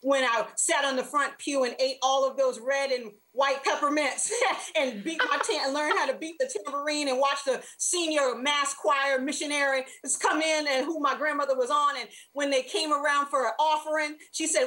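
A woman author, a guest on an interview show, telling a faith-filled personal story in an animated, expressive way. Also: sits high, normal speed, low-quality recording.

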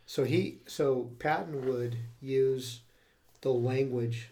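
A man co-hosting a podcast chats casually in a mellow, medium-pitched voice, taking his time. His talk comes in loose starts and stops, full of restarts and fillers, and he laughs easily.

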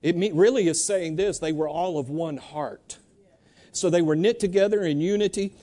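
High-voiced preacher, mellow. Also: male voice. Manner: animated, drawls Bible verses slowly. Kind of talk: sermon with congregation call-and-response.

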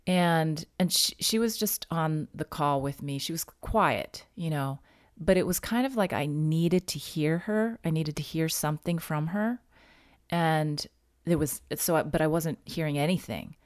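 A woman with a low voice tells a personal story in a relaxed conversational way. She is reflective and halting and often restarts her sentences. The sound is dry and close. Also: no room sound. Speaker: podcast guest sharing a personal story.

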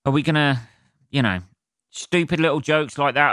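Sweary man ranting, bright voice. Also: medium pitch, moderate pace, clean tone, no echo, studio quality. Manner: sweary, ranting, self-mocking. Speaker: podcast host. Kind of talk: solo podcast rant.

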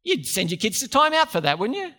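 Aussie preacher guy, high bright voice, jokey and chatty with the crowd. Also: brisk. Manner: lively, conversational, joking asides to the congregation. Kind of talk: sermon.

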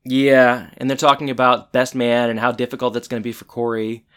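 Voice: medium pitch, fairly quick, clear, resonant tone. A co-host casually retelling TV scenes and acting out the characters' lines. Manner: animated, acts out quoted lines in put-on voices. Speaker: podcast co-host recapping a TV episode. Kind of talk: casual chat.

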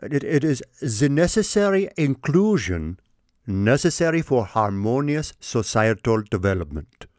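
A man's voice: medium pitch, big pitch swings, unhurried, darkish tone, no room sound, studio quality. A man doing a mocking impression of a pompous older male executive, putting on an exaggerated foreign accent.

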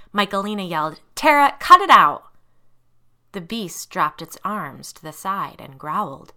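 A woman narrating a scary children's story in an expressive storytelling style. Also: deep voice.

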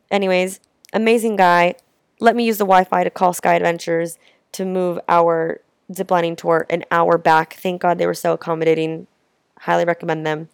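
Chatty young woman with a gravelly voice. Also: mid-range voice, normal speed, no echo, studio quality. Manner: chatty, heartfelt, lots of "like" fillers. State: tearful at times. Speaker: travel vlogger. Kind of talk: casual storytelling to camera.

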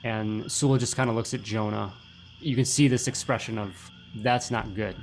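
Gravelly-voiced man running a tabletop game. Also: on the low side, fairly even intonation, moderate pace, darkish tone, soft background music. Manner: loose and descriptive, many fillers. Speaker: game master. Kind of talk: narrating a tabletop role-playing game.

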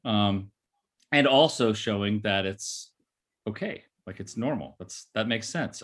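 A man's voice: on the low side, moderate pace, a bit bright. A man, a therapist, explaining an idea in casual podcast talk, often checking in with "right?" and "you know". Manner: acts out quoted voices.

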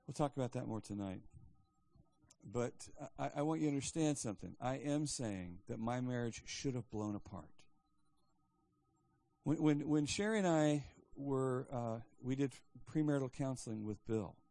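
A man's voice: mid-range voice, animated, normal speed, gravelly, warm tone. A male pastor giving a sermon in a conversational storytelling style, often restarting his sentences.

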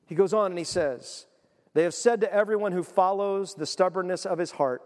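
A man preaching a sermon, emphatic, swinging from quiet to loud. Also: high voice, normal speed, long reverb tail. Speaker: pastor.

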